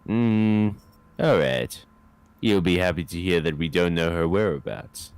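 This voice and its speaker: A man's voice: low-pitched, unhurried, darkish tone, smooth, dry recording. A man reading and acting out a detective's lines in a video game, joking and laughing between lines. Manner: joking, laughs often, reads lines aloud. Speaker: game player voicing the detective.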